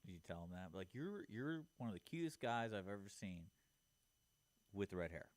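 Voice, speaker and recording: Teasing man, low voice, dry studio. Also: big pitch swings, normal speed, no room sound. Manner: teasing, joking banter. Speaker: radio co-host. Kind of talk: casual on-air chat.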